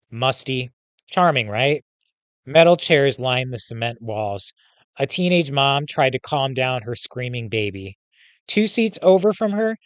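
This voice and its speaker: A male teacher reads a memoir aloud in the first person, plain and steady, and now and then drops in a quick casual aside. His voice sits at a middle pitch. The sound is dry and close. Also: clean tone, dry recording. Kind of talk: reading a book aloud.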